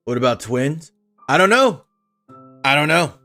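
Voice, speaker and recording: A man chats with his viewers during a game stream, talking about being a father in a candid, earnest way. His voice sits high for a man and swings widely in pitch, and he often restarts his sentences. Faint music plays underneath. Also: very animated, a little slow, sharp tone. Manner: earnest, open, with frequent restarts and repetitions.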